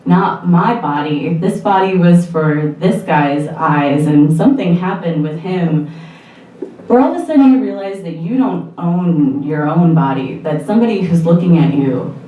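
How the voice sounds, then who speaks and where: A woman's voice: on the low side, lively intonation, normal speed, narrow, tinny audio. A young woman telling a candid, self-deprecating personal story on stage at a live storytelling night, laughing often. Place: bar, live storytelling event. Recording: roomy bar echo, distant mic.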